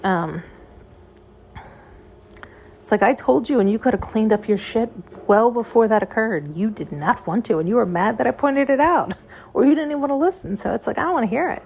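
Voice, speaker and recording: A woman's voice: a little high, animated, brisk, darkish tone, a little hiss or hum. A woman hosting a podcast, talking in a rambling, frank and profane monologue. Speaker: podcast host. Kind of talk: casual intuitive monologue.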